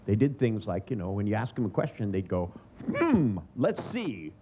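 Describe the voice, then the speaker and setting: A seminar trainer in his sixties gives a humorous lecture in a sardonic tone, acting out the voices of the people he quotes. He speaks quickly in a lowish voice, and the lo-fi recording is dull with faint noise.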